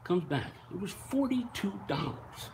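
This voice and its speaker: His voice sits high and unhurried as he hosts a live online show, chatting loosely with viewers and reacting to their comments. He's an animated, rambling storyteller who swears and laughs, heard in a reverberant space with a little hiss or hum.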